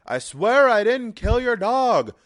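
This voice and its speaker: A man doing an impression of a famous filmmaker, delivering loud, halting, indignant denials in a raised voice. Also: very high-pitched, sing-song, pitched above the performer's own voice, heavily acted.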